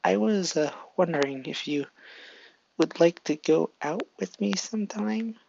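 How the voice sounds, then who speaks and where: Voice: mid-range voice, normal speed, highs cut off, natural voice. A fan storyteller voicing an earnest, shy teenage boy hero who stammers at times, in a fan audio story.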